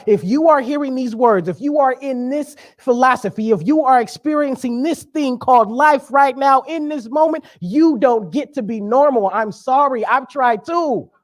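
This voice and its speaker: A man's voice: very high voice, normal speed, few pauses. A young man giving a sermon as a guest speaker, conversational and joking, with emphatic preaching.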